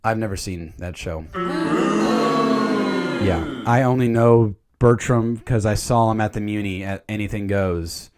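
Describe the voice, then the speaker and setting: A man's voice: on the low side, measured pace, loud music behind the voice. A man reviewing a movie in a casual, jokey commentary. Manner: animated, jokey, slips into silly voices.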